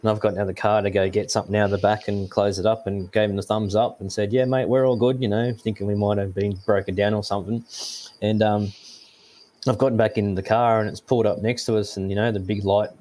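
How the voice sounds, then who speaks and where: An Australian man, a podcast guest, telling stories in a casual, animated way and acting out the quotes. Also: fast talker. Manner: animated, acts out quotes with jumps in pitch. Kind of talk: casual storytelling.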